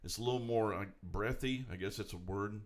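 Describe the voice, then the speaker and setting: Man, casual chat, rambling, animated, stumbles and restarts. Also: fairly low pitch, brisk. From Tennessee. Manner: rambling, animated, puts on voices. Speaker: podcast co-host.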